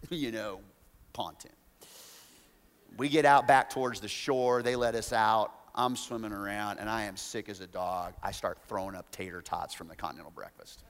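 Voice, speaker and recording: A man preaching, telling a self-mocking story with animated, acted-out quotes. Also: fairly low pitch. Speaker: pastor. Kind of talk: storytelling sermon. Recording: long reverb of a large hall.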